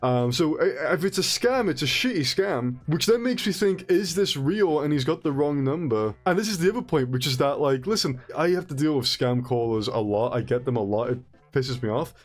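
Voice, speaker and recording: A man streamer telling a story casually, rambling and animated, with frequent restarts and swearing. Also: on the high side, moderate pace, soft background music.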